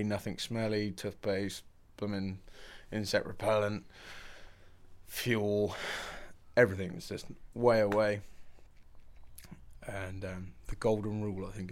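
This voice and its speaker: A young man from England, a podcast guest, telling a story in a laid-back way with lots of fillers and frequent laughter. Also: on the low side. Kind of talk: casual storytelling.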